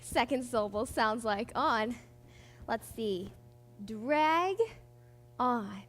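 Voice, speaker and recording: A woman's voice: on the high side, takes it slowly, a bit bright, big-room sound. A woman playing a fussy, doting queen in a stage musical, prim in her speech. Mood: playful. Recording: theater stage with music behind.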